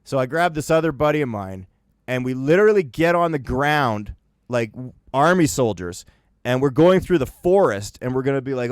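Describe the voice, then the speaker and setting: A man from Winnipeg spins a rambling, animated story for his podcast co-hosts, often breaking into laughter. His voice sits at a middle pitch. The sound is dry and close to the mic. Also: normal speed, smooth, no room sound. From Winnipeg, Canada. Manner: animated, laughing, acting out quoted friends. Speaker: podcast co-host telling a story.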